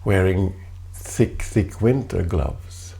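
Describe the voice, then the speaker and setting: A man's low, gravelly voice drifts through a reflective spoken essay recorded at home. He talks very slowly and deliberately, stopping and restarting to repeat his phrases. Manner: deliberate, halting, repeats phrases, soft laughs. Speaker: artist performing a spoken text.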